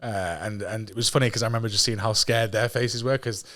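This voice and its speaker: A man in his thirties from England, a podcast guest telling stories in a casual, animated way, swearing freely and laughing at his own jokes. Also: on the low side, quick pace. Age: 30s. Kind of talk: casual storytelling.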